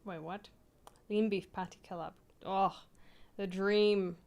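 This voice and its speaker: A woman's voice: medium pitch, fairly even intonation, slow, creaky, a little mellow. A young woman streamer chatting casually and rambling from a small home office, poking fun at herself. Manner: rambling, chatty, self-mocking. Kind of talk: casual live-stream chat.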